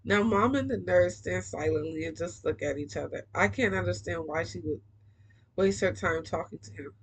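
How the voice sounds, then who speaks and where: A woman's voice: lowish voice, moderate pace, gravelly, husky, rough recording. A woman reading a young-adult novel aloud, breaking off for casual, slangy comments. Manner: casual slangy asides between passages. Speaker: book reader.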